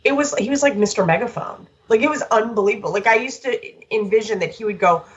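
A woman dog trainer chatting casually, animated and storytelling, with quick asides. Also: fairly high pitch, dull audio. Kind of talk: casual conversational chat.

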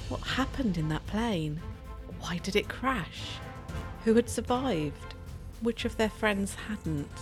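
A woman narrating a scripted story podcast in a measured, atmospheric way, with music under her voice. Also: mid-range voice.

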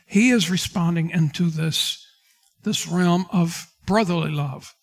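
Man pastor, high-pitched, preaching a sermon and acting out scripture scenes. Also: unhurried, creaky. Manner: preaching with King James quotes and dramatic retellings.

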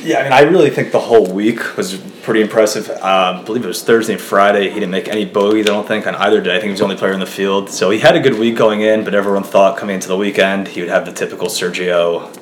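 Fast-talking low-voiced man in echoey room. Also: steady tone. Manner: quick, eager golf fan talk. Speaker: podcast guest. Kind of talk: casual podcast chat. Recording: echoey room with faint hum.

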